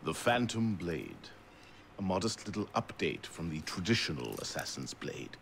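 A man's voice: sits low, sing-song, normal speed, vocal fry, fairly bright tone, slight background noise, heavily acted. An actor playing a grave, formal male mentor of an assassin order in a video game. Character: stern older male assassin mentor, commanding.

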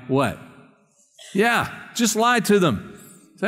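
A man's voice: a little high, expressive, normal speed. A male pastor preaching a sermon in a church, talking conversationally and quizzing the congregation. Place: church sanctuary. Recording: long hall reverb.

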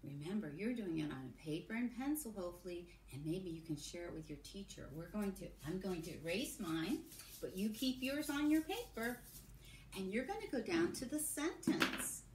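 A woman teacher giving a recorded phonics lesson to young children, modelling sounds and sentences slowly. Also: mid-range voice, expressive, darkish tone, recorded from a distance. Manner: slow, sing-song, drawn-out modelling of sounds and sentences. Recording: echoey room with faint background hum.

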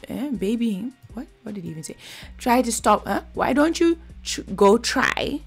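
A woman's voice: fairly high pitch, big pitch swings, moderate pace, creaky, slightly rough, faint music behind. A woman giving blunt, chatty commentary while reviewing a reality TV episode. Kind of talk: casual reaction commentary.

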